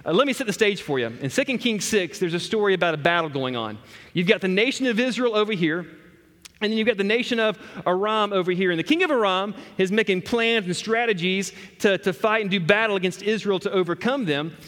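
Brief: male pastor, high voice, conversational storytelling sermon, long hall reverb. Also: fast talker, a bit bright. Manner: storytelling, talking straight to the congregation. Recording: echoey hall.

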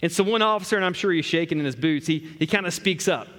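A man's voice: a little high, fast talker, a bit bright. A man preaching a sermon, telling a story and talking straight to the congregation. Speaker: pastor. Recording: echoey hall.

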